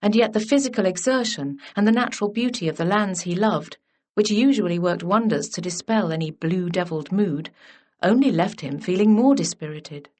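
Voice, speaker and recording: A woman reading a historical romance as scripted narration in an even, measured way. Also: fairly low pitch. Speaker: audiobook narrator.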